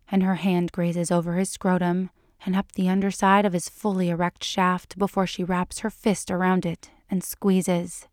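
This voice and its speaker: A woman narrating fan fiction aloud in a measured, even storytelling manner. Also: lowish voice, no echo, studio quality.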